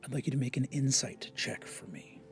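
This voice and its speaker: Dramatic game master narrating. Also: male voice, mid-range voice, fairly quick, loud music behind the voice. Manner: dramatic, dropping to whispers and rising to loud bursts.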